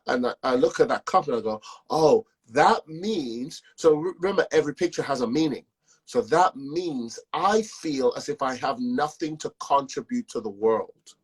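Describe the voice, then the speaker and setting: This roughly recorded call features a man whose medium-pitched voice has a breathy edge. Sharing his own story as testimony, he performs the dialogue from it as he goes along.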